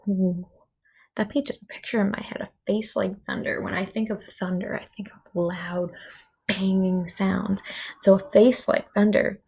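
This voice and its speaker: A woman teacher reading a chapter book aloud to young children. She reads expressively and breaks off to comment and quiz her listeners. Her voice has a gravelly, slightly creaky texture. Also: mid-range voice, a little mellow.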